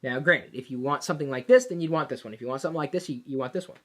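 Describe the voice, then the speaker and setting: A woman telling a personal work story in a casual, animated way, with plenty of fillers and restarts. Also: rumbling low, very fast. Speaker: vlogger.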